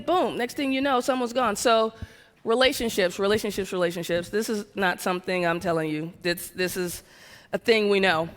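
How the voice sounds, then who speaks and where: A woman from the American South gives a motivational keynote, talking energetically and firing questions at the audience. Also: fairly high pitch. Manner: energetic, conversational, keeps asking the audience questions. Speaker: keynote speaker. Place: large event hall. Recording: long hall reverb.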